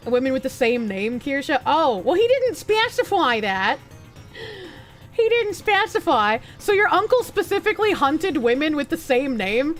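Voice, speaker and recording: A woman's voice: high-pitched, measured pace, soft background music. A young woman streaming a game, chatting casually and swearing as she jokes with her chat. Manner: animated, swearing, joking with chat, frequent laughs.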